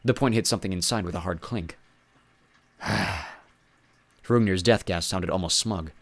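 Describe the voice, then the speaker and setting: A man's voice: sits low, moderate pace, no echo. A man reading a first-person adventure story aloud with dry, wry asides. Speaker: audiobook reader.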